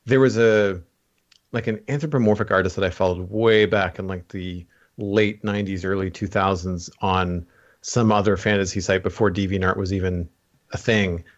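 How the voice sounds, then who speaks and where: A man's voice: low-pitched, steady tone, normal speed, dull audio. A man hosting a podcast, rambling and thinking aloud with a lot of filler words. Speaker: podcast host. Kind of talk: casual podcast chat.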